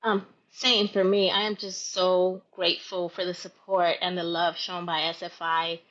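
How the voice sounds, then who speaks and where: A woman guest shares her story in an interview. She speaks in an emotional, halting way, full of gratitude. Her audio sounds muffled and lo-fi. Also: fairly low pitch, level tone, fairly bright tone. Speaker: guest, military parent.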